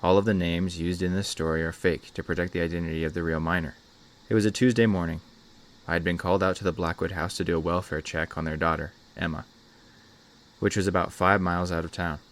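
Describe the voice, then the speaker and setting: A man with a very deep, low voice reads a scary story aloud. His narration is measured and steady, as a channel host delivering a scripted tale.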